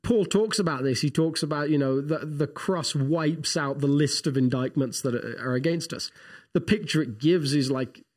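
A man, co-hosting a casual theology podcast and telling rambling, animated stories full of restarts. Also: a little high, moderate pace. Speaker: podcast co-host, pastor.

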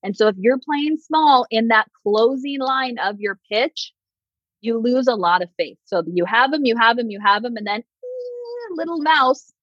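A woman's voice: on the high side, moderate pace, no room sound, muffled recording. A woman talking as a podcast guest and PR coach, casual and sarcastic, acting out quotes in other voices. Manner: animated, sarcastic, acts out quotes.

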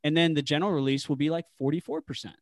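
A man's voice: a little high, very fast, dry recording, clean studio sound. A man chatting casually on a podcast, explaining things at length in a conversational way with fillers. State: married. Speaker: podcast guest, whisky enthusiast.

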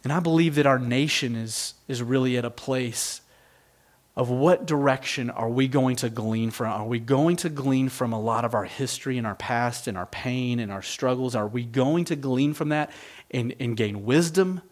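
A middle-aged male pastor delivers a sermon at a moderate, mid-range pitch. He preaches earnestly and reflectively, in a conversational way. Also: normal speed.

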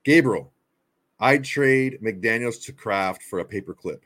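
A man with a lowish voice co-hosting a football post-game chat, easygoing and quick to laugh. He wanders through fillers as he hunts for his point. The sound is close and dry, with no room around it. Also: fairly bright tone, no echo. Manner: laid-back, laughs often, trails off with fillers. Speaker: podcast co-host. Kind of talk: casual sports chat.

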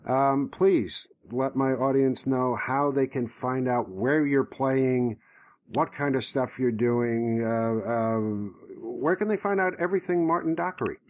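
Man, podcast host, fast interjections, mid-pitched voice. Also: darkish tone. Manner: quick, encouraging interjections. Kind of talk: interview conversation.

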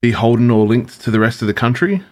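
A man's voice: medium pitch, animated, quick pace. A man co-hosting a casual chat podcast, hesitant, repeating words as he riffs. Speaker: podcast co-host.

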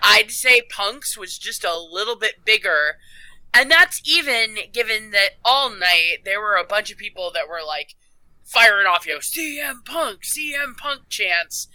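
Bright, excited man gushing on a podcast. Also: sits high, a little slow, no echo, low-quality recording. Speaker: podcast panelist. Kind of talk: casual chat.

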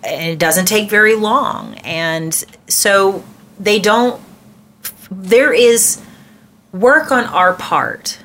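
A woman's voice: medium pitch, extremely slow, a bit bright, slight background noise. A woman co-hosting a casual Bible study discussion, talking in an earnest, reflective way with frequent restarts. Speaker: podcast co-host discussing scripture.

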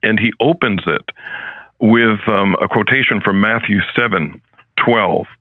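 A male professor speaking as a podcast guest, in an earnest, measured and reflective way, heard over a narrow phone-like line. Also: on the low side, no room sound. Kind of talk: podcast interview. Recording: phone-like, dry, narrow sound.

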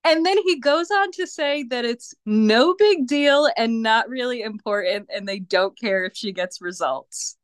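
A woman guest on a podcast, chatting casually in an unhurried way and laughing often. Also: fairly high pitch, clear, resonant tone, no echo, clean studio sound. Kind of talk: casual chat.

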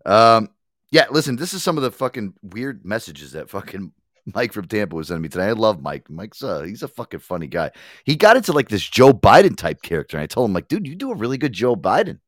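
A man's voice: fairly low pitch, very animated, fairly quick, no room sound, clean studio sound. A man hosting a casual podcast, chatting loosely, swearing freely and laughing often. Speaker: podcast host. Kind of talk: casual chat.

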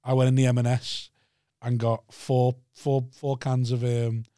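A man chatting on a podcast, telling animated stories, laughing often and acting out the people in them. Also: mid-range voice, unhurried, no room sound, clean studio sound. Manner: animated storyteller who laughs often and acts out the voices of people in his stories. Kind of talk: casual chat.

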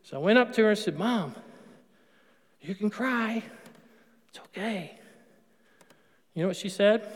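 Middle-aged male preacher with a high voice, chatty and emphatic, echoing through a big church hall. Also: expressive, measured pace, pauses often, fairly bright tone. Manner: conversational, storytelling, with emphatic punches. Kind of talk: sermon. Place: church sanctuary. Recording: long reverb of a large hall.

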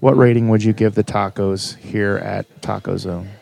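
A man's voice: on the low side, steady tone, moderate pace, creaky, a little mellow, no room sound. A man hosting a casual podcast, chatting in a playful, joking way. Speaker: podcast host. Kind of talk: casual chat.

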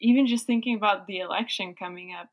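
A woman's voice: mid-range voice, quick pace. Appreciative woman podcast host. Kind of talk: interview wrap-up question.

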